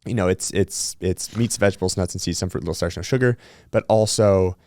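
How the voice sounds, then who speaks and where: A man's voice: low voice, a little fast, no room sound, studio quality. A man hosting a podcast, chatting candidly and telling stories with plenty of swearing. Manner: candid, swears freely, animated storytelling. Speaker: podcast host. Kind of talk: casual podcast conversation.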